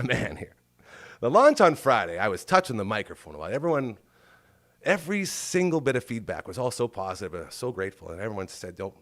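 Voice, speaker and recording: A man hosting a live stage show, excitable and jokey, chatting openly about his nerves. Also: on the low side. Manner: excitable, jokey, emotional, talks to his dog. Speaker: show host. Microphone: handheld stage microphone.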